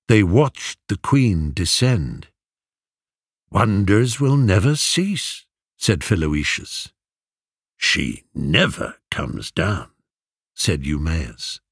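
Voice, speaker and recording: A man narrating an audiobook in a measured, expressive reading, recorded close. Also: mid-range voice, no room sound. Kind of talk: audiobook storytelling.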